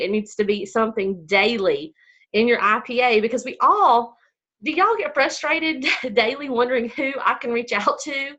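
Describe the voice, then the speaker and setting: A woman's voice: fairly high pitch, fairly bright tone. A woman, casually hosting a live video call for her team, chatty and laughing easily. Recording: dull lo-fi.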